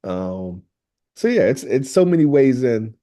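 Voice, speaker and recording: This interview guest, a death doula, has a warm, mid-range voice and speaks at a moderate, animated pace. He's an earnest storyteller who frequently performs the dialogue of the people in his stories.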